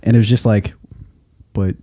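A man co-hosting a casual podcast chat, swearing and laughing often and getting animated as he talks. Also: fairly low pitch, moderate pace, no room sound. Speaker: podcast co-host.

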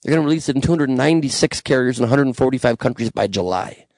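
A man's voice: medium pitch, lively intonation, quick pace, darkish tone, no echo. A young man hosting a podcast, reading the news with sarcastic, ranting commentary and frequent swearing, recorded alone in a small room. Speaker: podcast host.

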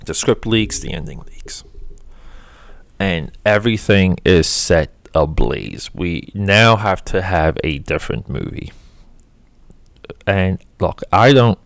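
A man with a very low voice and a rough, creaky edge talks through a movie in a casual, rambling commentary. He is opinionated and leans on fillers as he goes. The sound is dry, with no room echo. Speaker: film commentator.

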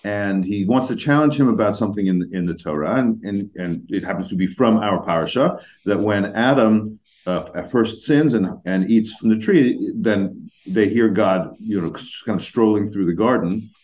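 A man with a lowish voice tells a story slowly and hesitantly, stopping for fillers and restarts. The recording sounds somewhat dull and muffled. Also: darkish tone. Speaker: rabbi, co-host. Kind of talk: casual storytelling.

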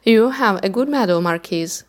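A woman's voice: medium pitch, animated, normal speed, natural voice. Woman reading as a genial storybook king. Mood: pleased. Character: pleased old male king, genial.

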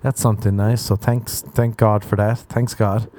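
A man's voice: on the low side, little pitch movement, normal speed, dark tone, a little hiss or hum. A young man hosting a solo comedy podcast, rambling through crude jokes and chuckling at his own lines. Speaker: podcast host.

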